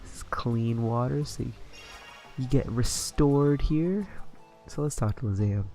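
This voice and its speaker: A man's voice: mid-range voice, measured pace, mellow, faint music behind. A young man giving casual commentary on a game he is playing, rambling along with plenty of fillers. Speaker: let's play gamer.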